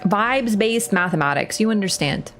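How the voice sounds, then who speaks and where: A woman's voice: medium pitch, expressive, moderate pace, fairly bright tone. A young woman chats casually on a game stream, swearing and laughing often. Her voice swoops up and down a lot. Faint game music plays behind her. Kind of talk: casual gaming stream chat.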